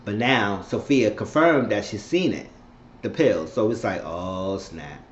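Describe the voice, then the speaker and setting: A man's voice: on the low side, expressive, unhurried. A man giving a casual, opinionated spoken recap of a TV episode, retelling scenes and acting out what the characters say. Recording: echoey dull lo-fi room with faint noise.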